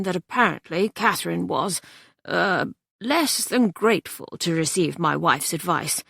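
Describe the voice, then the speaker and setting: A woman's voice: fairly low pitch, gravelly, a bit bright, dry recording, clean studio sound, heavily acted. A woman voicing a pompous, mercenary wealthy father who talks in a blustering, confidential way.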